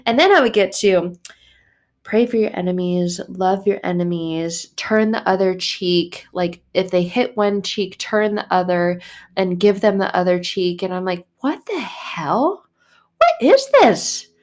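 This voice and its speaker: A woman recovery coach talking candidly in a faith-based vlog, expressive and emphatic, moving from soft reflection to heated outbursts. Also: fairly low pitch, a little slow. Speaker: emotional abuse recovery coach.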